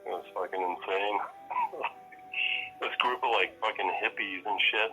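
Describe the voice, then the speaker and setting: A man's voice: fairly low pitch, slow, pushed and bright, low-quality recording. A man in casual podcast chat, rambling, swearing freely and laughing as he acts out quotes. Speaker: podcast co-host.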